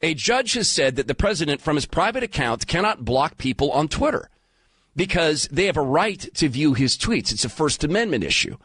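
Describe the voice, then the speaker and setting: A man around fifty hosting a talk radio show, emphatic and animated, taking calls. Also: fairly high pitch, moderate pace, husky, dry recording. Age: 50s. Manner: animated, emphatic, turns emotional. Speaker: guest radio host. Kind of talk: talk radio monologue and call-in.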